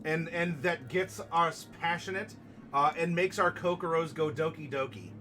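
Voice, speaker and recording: A man hosting a casual live stream and answering viewer comments, playful and fond of puns, turning gentle and consoling when a viewer is sad. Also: fairly high pitch, normal speed, background noise. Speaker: streamer hosting a tabletop game channel. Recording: music playing clearly behind the voice.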